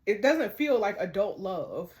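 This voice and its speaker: A woman voicing a heartbroken young mother torn over her marriage, reading game dialogue aloud in a soft, low, subdued way. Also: big pitch swings, unhurried.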